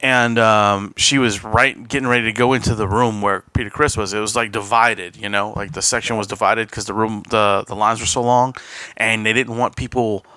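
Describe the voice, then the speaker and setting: A man's voice: on the low side, fairly even intonation, moderate pace, bright, forceful tone, dry recording. A man hosting a podcast, telling a long casual story with frequent restarts and quoted asides. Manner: rambling anecdote with laughs and quoted asides. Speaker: podcast host.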